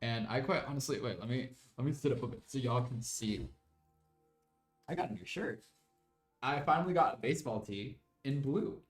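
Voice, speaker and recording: A man's voice: mid-range voice, moderate pace, echoey room, faint music behind. A young man streaming a game, chatting in a rambling way and slipping into mock British slang. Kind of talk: casual live-stream chat while gaming.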